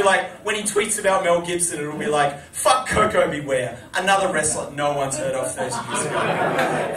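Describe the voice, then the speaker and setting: A man hosting a live chat show, telling stories to an audience and breaking into loud shouted impressions. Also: fairly high pitch, noisy background. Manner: animated storytelling with shouted impressions. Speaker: host. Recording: echoey room from far off, crowd.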